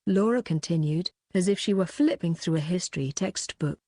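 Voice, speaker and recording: A woman narrating an audiobook with a steady, even reading. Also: lowish voice, moderate pace, no room sound, clean studio sound.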